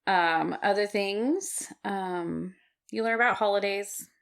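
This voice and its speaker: A woman co-hosting a casual podcast chat, laughing easily and chiming in with quick agreement. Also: mid-range voice, gravelly, clear, resonant tone. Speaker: podcast co-host.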